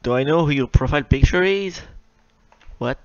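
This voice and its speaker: A young man chats his way through a live question-and-answer session, reading each viewer question aloud before answering it with easy self-mockery. His voice sounds smooth and clear, but the recording is slightly muffled and dry, with no room around it. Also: on the high side, normal speed, no room sound. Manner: chatty and self-mocking, reads questions aloud and answers them. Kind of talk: casual live Q&A chat. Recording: slightly dull lo-fi mic, dry.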